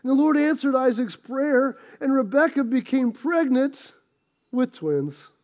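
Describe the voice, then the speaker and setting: Brief: high-voiced male preacher, impassioned storytelling sermon. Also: expressive, a little slow, a little mellow. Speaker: pastor.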